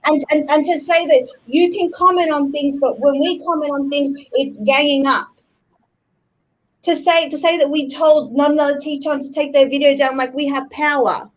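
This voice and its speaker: Exasperated high-voiced woman. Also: fairly even intonation, moderate pace, poor audio. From Australia. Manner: blunt, exasperated, swears. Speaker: live stream guest. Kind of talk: heated live stream argument.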